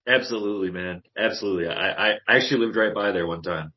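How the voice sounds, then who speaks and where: A man's voice: low voice, quick pace. A man co-hosting a casual sports podcast, teasing his friends in a playfully combative way. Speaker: podcast co-host. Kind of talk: casual chat. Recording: dull lo-fi podcast audio.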